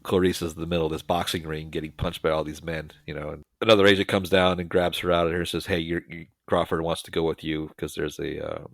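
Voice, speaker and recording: A man's voice: sits low, fairly even intonation, fast talker, hardly any pauses, no room sound. A middle-aged man co-hosting a podcast, casually recapping a film with lots of "uh" and restarts. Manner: rambling storyteller with many fillers and restarts. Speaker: podcast co-host. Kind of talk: casual movie recap chat.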